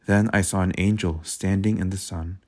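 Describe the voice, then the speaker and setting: A man reading a Bible passage aloud as a daily devotion, in a measured, steady voice. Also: sits low. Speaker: devotional reader. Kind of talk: scripture reading.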